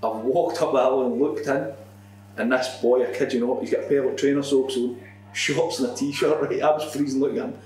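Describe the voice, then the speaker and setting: A man, a former football manager, telling a swearing, animated anecdote in a casual podcast chat. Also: mid-range voice, fairly quick. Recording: echoey room, distant mic, faint hum.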